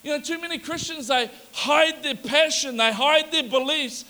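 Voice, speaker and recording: Animated, high-voiced male preacher. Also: moderate pace, in a large hall. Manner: animated, storytelling, acts out the characters. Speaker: pastor. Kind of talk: sermon.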